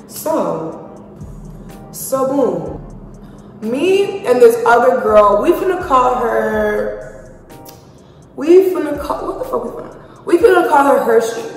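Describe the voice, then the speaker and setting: A young woman from Haiti telling a profane, animated storytime as a vlogger. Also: a little high, slow, long pauses. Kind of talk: storytime vlog. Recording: very echoey room with long reverb, faint music.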